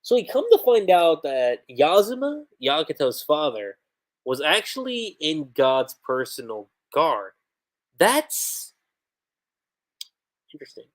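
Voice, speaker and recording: A man casually reviewing a comic chapter on a livestream, animated and chatty, with many fillers. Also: on the high side, slow, pauses often.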